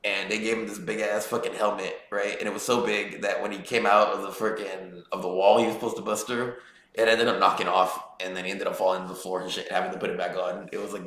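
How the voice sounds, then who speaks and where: A man's voice: low voice, fairly bright tone, echoey room. A young man casually telling a rambling, profane story as a streamer, packed with fillers like "bro". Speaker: streamer recapping a wrestling event.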